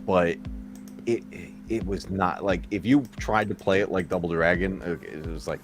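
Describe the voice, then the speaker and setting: Deep-voiced man hosting a casual stream. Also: steady tone, moderate pace. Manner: rambling, nostalgic, chuckles often. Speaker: stream host. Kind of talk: casual live-stream chat. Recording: music playing under the voice.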